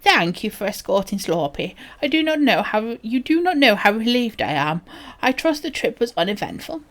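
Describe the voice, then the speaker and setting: A woman's voice: on the high side, big pitch swings, moderate pace, pitched above the performer's own voice. A woman voicing a grateful male froglok father in a game, reading his lines earnestly and formally. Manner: earnest, formal read-aloud.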